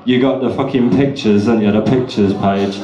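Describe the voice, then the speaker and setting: A man's voice: fairly even intonation, moderate pace, dark tone, reverberant, muffled recording. A slightly drunk man doing rambling, sweary stand-up at an open mic night in a pub. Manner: rambling, sweary, puts on shrill voices. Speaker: stand-up comedian. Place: pub function room.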